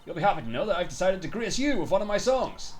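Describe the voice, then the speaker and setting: A man's voice: sits high, very animated, fast talker, slight background noise. A man doing a pompous vain tenor. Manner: grandiose, self-important. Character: pompous vain male tenor, ringmaster's rival.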